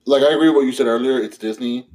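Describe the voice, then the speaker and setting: A man's voice: mid-range voice, rapid-fire. A man co-hosting a podcast who talks animatedly and swears in casual chat. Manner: animated, swears, mimics voices while telling stories. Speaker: podcast co-host.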